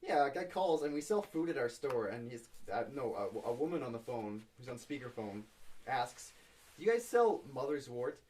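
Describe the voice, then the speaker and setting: A man's voice: medium pitch, normal speed, recorded from a distance. A young man co-hosting a podcast, telling stories in casual chat and acting out the people in them. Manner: animated, acts out people in his stories. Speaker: podcast co-host.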